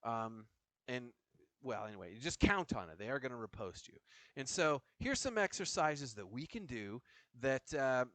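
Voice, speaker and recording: A male fencing coach talks through a saber drill, calling out cuts and guards as he moves. His pitch swings up and down a lot, and the sound is dry and close with no room around it. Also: dry recording. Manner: lively, chatty, jokey asides with laughs; counts drill calls while moving. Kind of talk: demonstration lesson.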